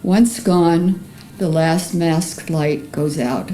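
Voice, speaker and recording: Low-voiced older woman with a Bronx accent. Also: mellow, a little hiss or hum, rough recording. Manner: earnest, emotional, measured reading. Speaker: artist presenting her paintings. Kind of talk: reading a personal memoir aloud.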